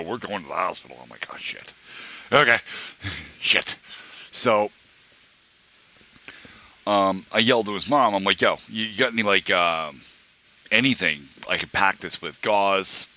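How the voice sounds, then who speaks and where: Talking to his chat, a young man on stream spins a meandering tale packed with fillers, false starts and performed quotes from others. He has a very low voice that still sounds bright and punchy.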